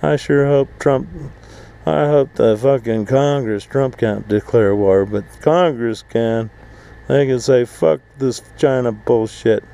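Slow, gravelly man for an angry, swear-heavy outdoor rant. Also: medium pitch, warm tone, poor audio. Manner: angry, swearing, mocking voices. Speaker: vlogger, full-time RVer. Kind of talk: profane rant to camera. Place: outdoors at an RV park.

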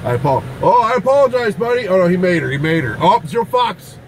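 A man rambling through a casual vlog, swearing constantly and breaking into loud outbursts. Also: a little high, big pitch swings, fast, a little hiss or hum. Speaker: vlogger at a vape shop. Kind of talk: casual profane vlog chat.

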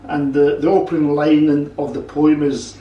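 A man explaining food and customs in a casual cooking chat, halting and restarting as he goes. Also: a little high, little pitch movement, distant mic, highs cut off, slight background noise. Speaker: cook and co-host. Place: home kitchen. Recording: roomy kitchen sound from off-mic.

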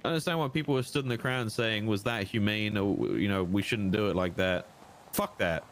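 A man's voice: on the low side, fairly quick, slight background noise. A man in a role-play game, talking bluntly and casually in character and swearing freely.

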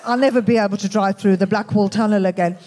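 A woman with a Birmingham accent performing a stand-up comedy set in a club, with a dry, deadpan, self-mocking delivery. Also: mid-range voice, quick pace, very noisy. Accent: Birmingham English. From England. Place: comedy club with live audience.

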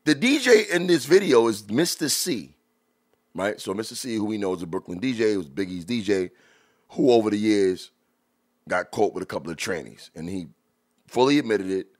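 A man hosting a podcast, reacting to old rap videos in loose, animated talk full of drawn-out exclamations. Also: fairly low pitch. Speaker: podcast host. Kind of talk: casual commentary reacting to music videos.

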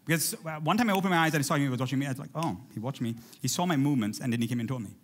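A man preaching a lively sermon in church, calling out to his congregation and urging them to respond. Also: medium pitch, very fast. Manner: animated, rallies the congregation with call-outs. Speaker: pastor.

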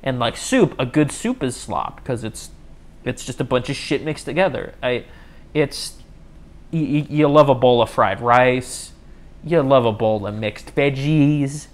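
Young man, solo podcast host, casual rambling chat, self-mocking jokes, lively up-and-down pitch. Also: a little slow. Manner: rambling, jokey, self-mocking, frequent restarts.

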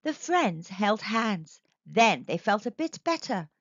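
A woman reading a children's storybook aloud in a slow, expressive, sing-song way. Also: mid-range voice, dry recording, muffled recording.

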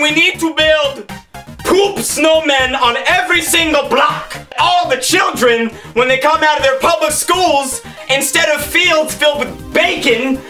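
Goofy man with a bright voice. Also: extremely high pitch. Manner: goofy, mock-serious, hesitant restarts. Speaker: guest co-host. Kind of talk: absurd comedy rant. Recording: distant mic with faint music.

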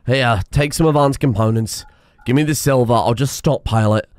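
A man's voice: mid-range voice, normal speed, a little mellow, no echo. A man giving casual, sarcastic commentary over his own gameplay, swearing and laughing as he talks. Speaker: gaming video creator.

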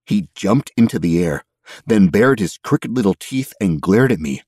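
Deep husky male storyteller. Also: animated, a little mellow, no room sound, studio quality. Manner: measured, first-person storytelling. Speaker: audiobook narrator. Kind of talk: scripted story narration.

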